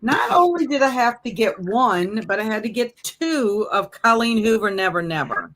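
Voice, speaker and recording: A woman's voice: a little high, sing-song, moderate pace, fairly bright tone, slight background noise. A woman hosting a casual reading livestream, chatting along and sighing in mock-dramatic dismay. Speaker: livestream host. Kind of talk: casual chat on a reading stream.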